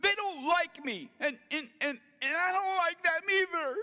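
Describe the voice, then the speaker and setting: Petulant grown man sulking like a kid, as a male speaker puts him on; high pitch, loud. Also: a little slow, exaggerated voice. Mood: sulky. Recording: reverberant hall.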